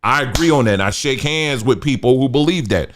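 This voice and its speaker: American guy doing a fired-up commentary monologue, middle-aged, mid-range voice, gets louder and higher when indignant. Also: expressive, a little fast, slight background noise. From United States. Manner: emphatic, rising when indignant, with mocking quoted voices.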